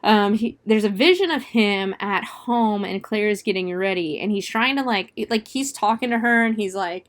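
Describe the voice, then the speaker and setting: A woman's voice: mid-range voice, moderate pace, hardly any pauses. Chatty, swearing woman podcaster. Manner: chatty, profane retelling with frequent "like"; laughs and exclaims often. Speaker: podcast host. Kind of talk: casual movie recap.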